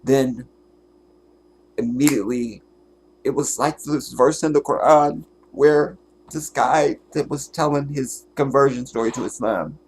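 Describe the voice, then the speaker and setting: A medium-pitched man with a darkish tone speaks fervently to viewers of his own livestream in an emotional monologue. Tearful and holding back crying, he often stops and lowers his voice to a whisper, with a little hiss or hum in the recording.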